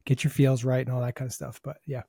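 A man's voice: medium pitch, flat delivery, fast, vocal fry, dark tone, slightly rough, no echo, clean studio sound. A man hosting a baseball podcast, talking through ideas in a thoughtful, rambling casual chat. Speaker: host, hitting coach.

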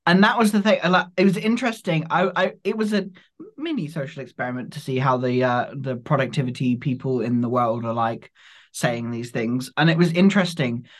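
A man's voice: medium pitch, a little fast. A man co-hosting a podcast, thinking aloud in a reflective, rambling, casual way. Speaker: podcast co-host. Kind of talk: casual conversation.

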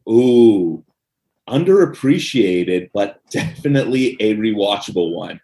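A man's voice: on the low side, expressive, measured pace, mellow. A man co-hosting a podcast in casual chat, joking, laughing often and rambling with fillers. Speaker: podcast co-host.

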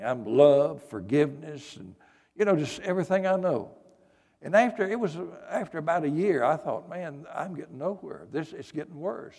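This is a man preaching a story-driven sermon, earnest and folksy, leaning on little fillers as he goes. His voice sits a touch higher than most men's. Long reverb trails his words through a large church hall. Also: a little mellow. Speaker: pastor.

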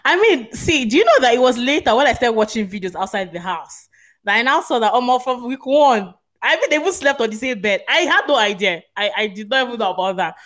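A woman's voice: fairly high pitch, lively intonation, a little fast, fairly bright tone. Chatty woman on a podcast. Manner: chatty, leans on "literally". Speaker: podcast co-host. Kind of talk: casual fan chat.

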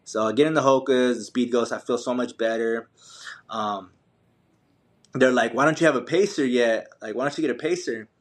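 A man's voice: medium pitch, normal speed. A young adult man, a podcast guest, telling a running story in a casual, slangy way full of fillers and restarts. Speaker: podcast guest, ultramarathon runner.

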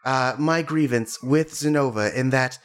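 A man's voice: mid-range voice, a little slow, lightly acted. A man voicing an odd, eccentric character who speaks in stiff, overly formal sentences.

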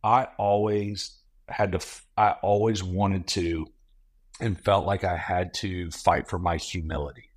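Animated storytelling pastor, low voice. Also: male voice, unhurried. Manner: animated storyteller, acts out quotes. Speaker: podcast guest, pastor. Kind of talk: casual podcast conversation.

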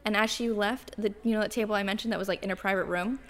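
A woman's voice: mid-range voice, fast talker. A young woman co-hosting a podcast, telling a story in casual chat with lots of fillers and acted-out quotes. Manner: animated storyteller, many fillers, acts out quotes. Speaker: podcast co-host.

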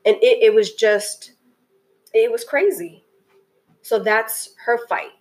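A woman's voice: a little high, slow, darkish tone, poor audio. Earnest woman gushing about a film. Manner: earnest and emotional, many restarts. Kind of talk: casual spoken film review.

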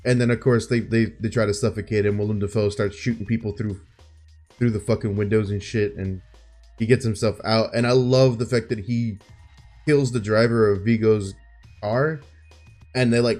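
A man's voice: medium pitch, darkish tone. A man co-hosting a podcast, chatting casually and enthusiastically about a film, swearing freely as he retells scenes. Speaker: podcast co-host. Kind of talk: casual film review chat.

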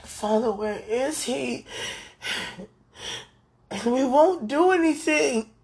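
A woman with a fairly high, husky, breathy voice speaks a prayer out loud. She talks slowly, pleading and tender, and circles back over the same phrases again and again. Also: expressive. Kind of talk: emotional spoken prayer.

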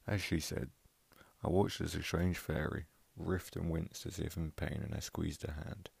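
A man reading a first-person story aloud in a gentle, measured way, over loud background music. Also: a bass voice, steady tone, creaky, husky, no echo. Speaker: narrator.

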